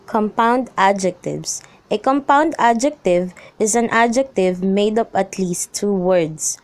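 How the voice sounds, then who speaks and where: A young woman reading a lesson script aloud, slowly and evenly, through rules and example phrases. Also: medium pitch. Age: young adult. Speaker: student presenter.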